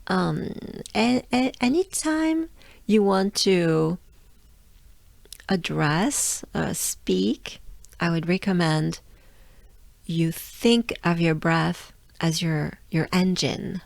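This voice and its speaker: A woman with a French accent gives a patient pronunciation lesson, repeating sounds slowly, her voice tired. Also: on the low side, gravelly, no room sound. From France. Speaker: pronunciation coach.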